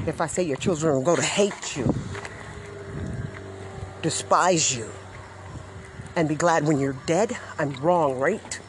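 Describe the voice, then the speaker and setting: A woman's voice: sits low, slow pace, pauses often, noisy background. Woman, 40s, bitter furious rant outdoors by a busy street. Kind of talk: angry rant vlog.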